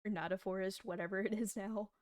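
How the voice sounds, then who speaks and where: A woman playing a tabletop game, talking in a playful, excitable, giggly way into a home microphone. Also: mid-range voice, fast talker. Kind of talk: casual tabletop role-play.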